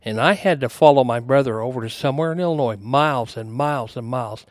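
A man's voice: medium pitch, fast talker, no echo, clean studio sound. An older man co-hosting a podcast, chatting casually and rambling into anecdotes. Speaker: podcast co-host. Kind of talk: casual chat.

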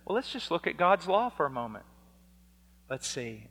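A man preaching a fiery sermon, dropping to a hush and then rising to shouts as he acts out exchanges. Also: fairly high pitch, big pitch swings, normal speed, pauses often. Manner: swings from hushed to shouting, acts out dialogues. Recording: long hall reverb.

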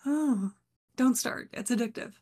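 A woman's voice: a little high, measured pace, mellow. A woman author, a podcast guest, chatting casually and explaining her book series in a loose, conversational way. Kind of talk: casual chat.

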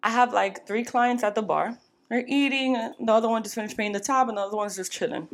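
A young woman co-hosting a podcast, telling a story in an animated, casual way and slipping Spanish phrases into her English. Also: fairly high pitch, quick pace. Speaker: podcast co-host.

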